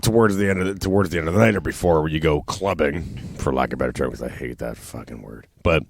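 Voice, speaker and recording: A man's voice: extremely low pitch, fast talker, no room sound, clean studio sound. A man in his forties, a podcast co-host telling crude, laughing travel stories in casual chat. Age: 40s.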